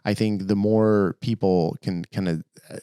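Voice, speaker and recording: A middle-aged man co-hosting a podcast in casual chat, rambling and animated with frequent restarts. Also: lowish voice, unhurried, smooth, dry recording, studio quality. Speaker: podcast co-host.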